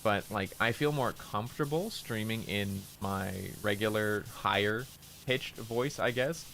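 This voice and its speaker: Relaxed, gravelly low-voiced man. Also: unhurried, a little hiss or hum, poor audio. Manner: relaxed, low-effort speaking; rambling with frequent restarts. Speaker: streamer. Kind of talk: casual chat while playing a game.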